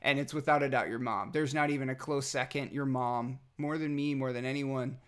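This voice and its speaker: A father speaking a heartfelt message to his toddler son, tender and halting, with many pauses and fillers, sometimes dropping almost to a whisper. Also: mid-range voice, fairly even intonation, clear, resonant tone.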